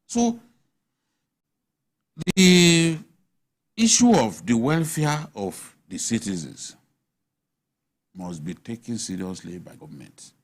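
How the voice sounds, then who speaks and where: A man with a Nigerian accent, speaking as a guest on a TV studio panel, arguing emphatically and asking rhetorical questions. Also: on the high side. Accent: Nigerian English. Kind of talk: animated studio panel discussion.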